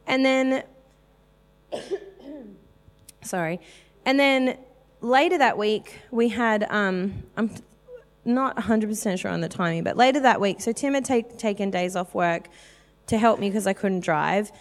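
A woman's voice: medium pitch, unhurried, pauses often. A woman in her thirties giving a candid, chatty personal testimony as a preacher, with lots of fillers. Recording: long reverb of a hall.

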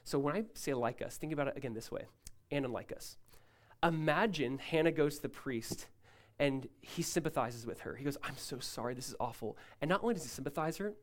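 A male pastor preaching a sermon, emphatic and rising loud, then dropping to a hushed tone, often asking listeners to follow along. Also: on the high side, expressive, fairly quick. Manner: asks the congregation to follow along.

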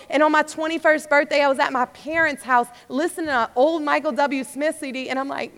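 High-voiced fervent woman preacher. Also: fairly even intonation, brisk, few pauses, fairly bright tone. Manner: fervent, rising to urgent exhortation. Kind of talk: sermon testimony. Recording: long hall reverb.

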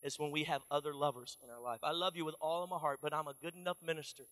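A pastor from Texas, preaching an animated, folksy sermon in a church. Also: male voice, a little high, very fast, long reverb tail. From Dallas, Texas.

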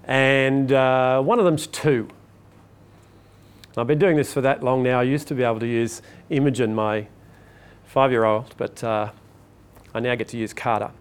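A man's voice: medium pitch, steady tone, normal speed, long pauses, smooth. An older man, a public speaking coach, giving a chatty motivational talk to a live audience and asking it questions.

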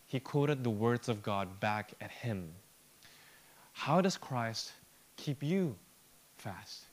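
A man preaching a sermon with earnest emphasis. He drops to a soft, slow, near-whispered delivery and rises again for emphasis. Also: mid-range voice, sing-song. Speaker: pastor.

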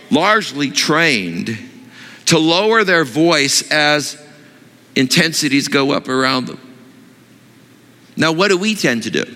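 A man preaching a sermon, asking his congregation questions in an animated way. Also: a little high, creaky, long reverb tail. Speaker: pastor.

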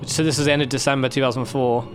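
A man's voice: medium pitch, level tone, rapid-fire, over music. Chatty man co-hosting a rewatch chat. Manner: chatty, explains timelines, laughs often. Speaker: podcast co-host.

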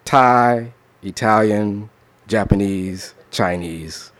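A man with a fairly low, slightly bright voice speaks very slowly. He chats loosely with the audience before launching into a spoken word poem, delivering it with rhythm and emphasis.

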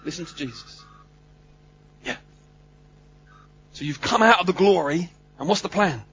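Male preacher, high voice, animated and funny, muffled recording. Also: a little slow, slight background noise. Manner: animated, humorous, swings between loud and hushed. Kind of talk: sermon.

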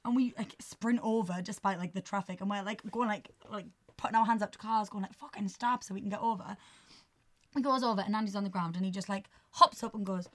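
A young woman telling a story on a podcast, animated and swearing, often breaking into laughter. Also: medium pitch, quick pace, few pauses. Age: young adult. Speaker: podcast co-host. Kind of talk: casual chat, storytelling.

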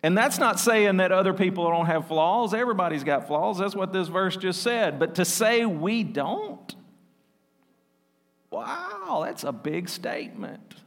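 A man pastor preaching a sermon, lively and laughing often as he mimics voices. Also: sits high, moderate pace, few pauses. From South Arkansas. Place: church sanctuary. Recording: long reverb of a church hall.

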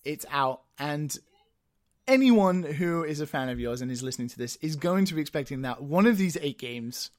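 A man's voice: fairly high pitch, animated, normal speed. A man from England hosting a podcast in casual, self-deprecating chat with frequent laughter. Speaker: podcast host.

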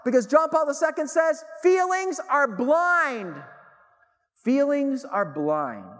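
Middle-aged man, theologian, public talk, live audience, animated storytelling, emphatic repetition, higher voice, long hall reverb. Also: creaky. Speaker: theologian and speaker.

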